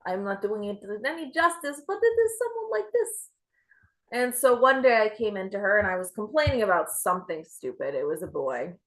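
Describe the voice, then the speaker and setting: A young adult woman doing a stand-up set with a self-deprecating, deadpan delivery. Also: mid-range voice, fairly quick, hardly any pauses. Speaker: stand-up comedian.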